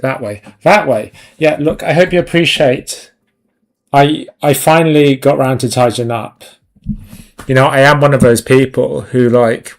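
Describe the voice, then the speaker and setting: A man's voice: medium pitch, vocal fry. A man chatting casually on a live stream while he draws, rambling and putting himself down, his thoughts often trailing off. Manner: rambling, self-deprecating, trailing off. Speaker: concept artist streamer.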